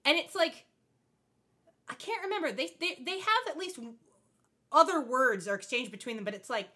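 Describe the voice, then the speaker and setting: A woman co-hosting a podcast, recapping a show in an animated, expressive way with frequent laughs. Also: sits high, normal speed. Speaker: podcast co-host. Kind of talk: casual chat recapping a TV show.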